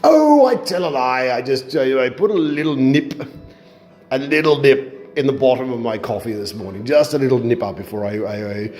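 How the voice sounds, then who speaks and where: A man's voice: medium pitch, lively intonation, normal speed. A man hosting a home cooking show from his kitchen in a rambling comic monologue, bawdy and self-mocking, chuckling at his own jokes.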